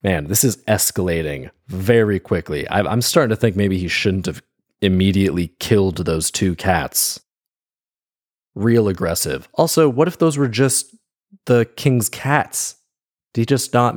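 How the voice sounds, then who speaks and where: Low-voiced man with wry, sarcastic asides. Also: lively intonation, measured pace, no echo, clean studio sound. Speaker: storyteller and commentator. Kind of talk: fairy-tale reading with comic commentary.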